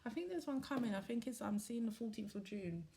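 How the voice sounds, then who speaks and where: A woman giving a casual, rambling spiritual talk to camera, candid and quick to correct herself, with the odd swear. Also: fairly high pitch, lively intonation, creaky, warm tone. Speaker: spiritual reader and vlogger.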